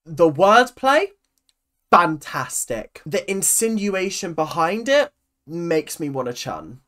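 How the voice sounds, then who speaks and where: A woman's voice: fairly low pitch, sing-song, takes it slowly, fairly bright tone. A woman hosting a reaction video, chatting sarcastically and exclaiming at clips. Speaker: YouTube reaction host. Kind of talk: casual reaction commentary.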